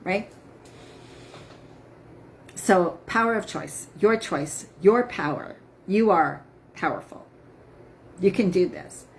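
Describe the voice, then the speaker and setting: A woman's voice: mid-range voice, expressive, slow pace, long pauses, a little hiss or hum. A woman health coach talking casually to viewers on a live stream, emphatic and upbeat, often asking "right?".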